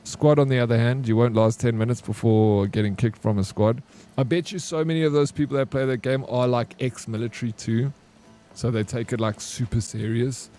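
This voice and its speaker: A young man chats loosely with his live-stream viewers as he plays, dropping slang and thinking out loud. His voice is warm and mellow, sitting at an ordinary pitch. Faint game music plays behind him. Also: steady tone, brisk. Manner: laid-back, chatty, slangy, talks to chat and to himself. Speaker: gaming streamer. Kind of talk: casual live-stream chat while playing.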